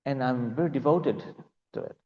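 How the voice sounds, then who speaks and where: A man's voice: medium pitch, normal speed, big-room sound, muffled recording, close to an everyday voice. A man doing a humble devoted goat. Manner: humble, earnest pleading. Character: small tired devoted female goat.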